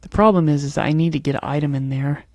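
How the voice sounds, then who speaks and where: A man's voice: fairly high pitch, quick pace, dry recording. A man giving casual gameplay commentary, fretting and repeating himself as he mutters complaints over faint game music. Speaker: let's play commentator.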